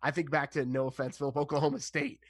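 A man's voice: medium pitch, level tone, fast talker, no echo. A man giving frank, analytical football talk as a podcast guest, with many fillers and restarts. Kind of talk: casual sports chat.

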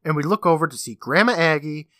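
A man's voice: fairly high pitch, fast, sharp tone, dry recording, clean studio sound. A man co-hosting a podcast, animatedly retelling a TV episode in casual chat and laughing often. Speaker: podcast co-host.

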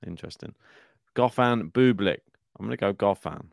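A man's voice: on the low side, lively intonation, moderate pace, creaky, no echo, clean studio sound. A man co-hosting a tennis podcast, chatting casually through his bracket picks, laughing often and thinking aloud. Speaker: podcast co-host. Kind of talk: casual tennis draw chat.

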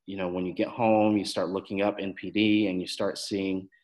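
Host: man with a lowish voice, gentle probing questions, halting delivery. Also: flat delivery, low-quality recording. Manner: gentle, hesitant, many fillers and restarts. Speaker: host, former therapist. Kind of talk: interview questions.

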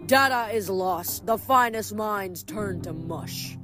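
A woman reading an audiobook, voicing a huge, cruel male giant who mocks and gloats slowly. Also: mid-range voice, a bit bright, faint music behind. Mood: gloating. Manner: gloating, laughing, slow and drawn out.

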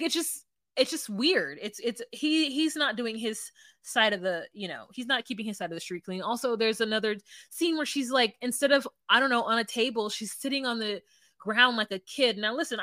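A woman's voice: on the high side, normal speed, sharp tone, no room sound, studio quality. A woman co-hosting a podcast, recapping a reality show in rambling, giggly casual chat. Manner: rambling, giggly, restarts sentences. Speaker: podcast co-host.

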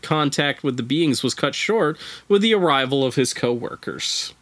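A man's voice: medium pitch, animated, moderate pace, a bit bright, dry recording. A man who is a podcast guest, telling a strange story in laid-back, casual chat with profane, wry asides.

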